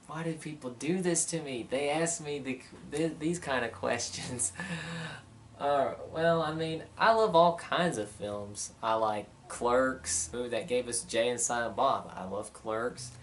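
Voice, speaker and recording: A man's voice: medium pitch, recorded from a distance. A man talks through viewer questions in a loose, rambling way, filling gaps with "uh" and "you know." He sits a little back from the mic. A faint hum of room noise runs behind him. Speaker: vlogger. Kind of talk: casual Q&A vlog.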